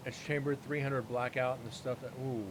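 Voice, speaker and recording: A man's voice: mid-range voice, fairly even intonation, a little fast, noisy background. A man hosting a live stream, casually telling a story and acting out both sides of the dialogue.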